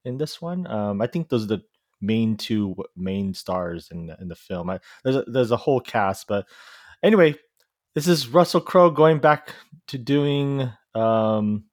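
A man hosts a laid-back podcast chat, stopping and starting as he talks and filling the gaps with "uh" and "um". His voice sits at an ordinary middle pitch. It sounds close and dry, with no room echo. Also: lively intonation. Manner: halting, full of filler words and restarts. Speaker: podcast host.

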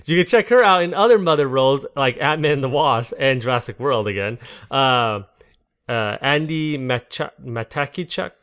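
A man's voice: medium pitch, lively intonation, moderate pace, fairly bright tone, clear, resonant tone. A man co-hosting a casual movie podcast, rambling, tripping over names and laughing at his own jokes. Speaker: podcast co-host. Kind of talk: casual movie review chat.

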